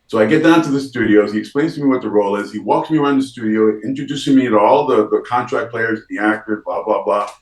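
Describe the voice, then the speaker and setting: Low-voiced man telling a story, echoey room. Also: fast talker, hardly any pauses, recorded from a distance. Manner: animated storyteller, acts out quoted dialogue, frequent restarts. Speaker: actor, interview guest. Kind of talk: storytelling in casual interview.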